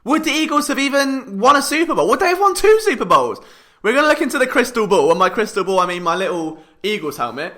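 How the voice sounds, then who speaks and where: A young British man hosting a sports podcast, talking in a jokey, animated, self-mocking way. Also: very high-pitched, fast. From Britain. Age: young adult. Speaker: podcast host.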